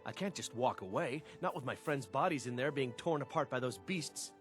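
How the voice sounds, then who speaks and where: A man's voice: medium pitch, lively intonation, normal speed, fairly bright tone, close to an everyday voice. Injured hunter in a game, pleading and breathless, played by a male actor, game music behind. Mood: grateful. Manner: pleading, weary. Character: wounded male hunter begging a stranger for help.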